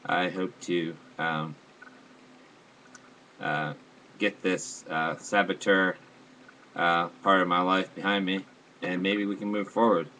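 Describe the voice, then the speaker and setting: Low-voiced man rambling with many fillers. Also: flat delivery, bright, forceful tone, a little hiss or hum, poor audio. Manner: halting, many fillers and restarts; earnest, grandiose complaints. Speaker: vlogger. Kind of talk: rambling monologue to camera.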